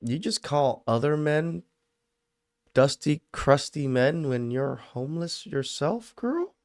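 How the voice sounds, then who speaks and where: A man's voice: on the high side, slow, dry recording. Sarcastic male podcast host, dry sound. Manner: sarcastic interjections. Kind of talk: reaction commentary.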